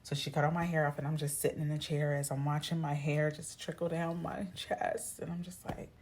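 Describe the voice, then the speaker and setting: A woman vlogger telling a personal story in a chatty, animated way, acting out what people said. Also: low-pitched, moderate pace, few pauses. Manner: chatty, animated, acts out quoted voices. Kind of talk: casual storytelling to camera.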